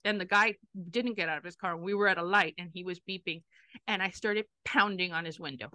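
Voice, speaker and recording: A woman's voice: on the low side, fairly quick, sharp tone, no room sound. A middle-aged woman co-hosting a podcast in casual chat, frankly chiming in with her own stories. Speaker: podcast co-host, mother of the other host.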